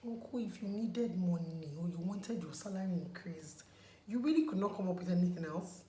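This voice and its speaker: A woman's voice: lowish voice, expressive, normal speed, warm tone. A woman chatting casually in a vlog while taking off her makeup, emphatic and pleading, repeating words for stress. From Nigeria. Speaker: vlogger. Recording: echoey room, faint background noise.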